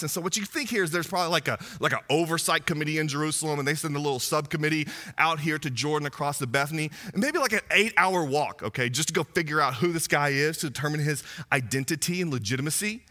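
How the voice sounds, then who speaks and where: A male pastor, preaching a sermon in an animated, conversational way full of asides. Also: a little high, quick pace, hardly any pauses.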